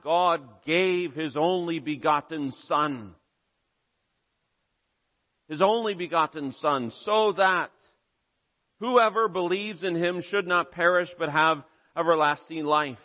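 A man preaching a sermon, measured and solemn, building to emphatic repeated phrases. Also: a little high. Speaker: pastor. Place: church sanctuary. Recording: muffled sound with long hall reverb.

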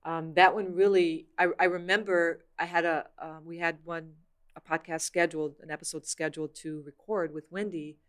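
A woman's voice: lowish voice, level tone, normal speed, clean tone. A woman hosting a casual faith-based podcast chat, talking in an earnest, reflective way with many "you know" fillers. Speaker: podcast host.

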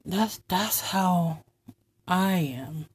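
A woman hosting a heartfelt, faith-based talk segment, speaking earnestly and tenderly, often dropping into a soft whisper. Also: fairly low pitch, very slow, breathy edge, no echo. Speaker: host of an inspirational talk segment.

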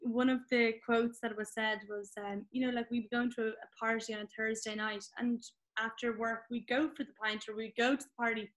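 A woman's voice: a little high, flat delivery, brisk, hardly any pauses, fairly bright tone, poor audio. An Irish woman hosting a podcast interview, easygoing, with casual swearing. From Ireland. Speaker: podcast host.

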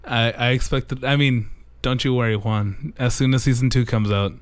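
A man with a smooth, clear voice, bantering casually on a podcast. He jokes in a relaxed, drawn-out way. The recording is dry and close. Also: mid-range voice, no room sound. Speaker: podcast co-host. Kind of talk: casual chat.

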